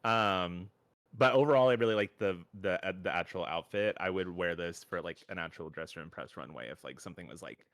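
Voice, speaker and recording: Low, rambling man on a dry mic. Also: a little fast, fairly bright tone, no room sound. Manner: rambling, upbeat, full of filler words. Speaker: co-host reviewing fashion submissions. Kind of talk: casual livestream chat.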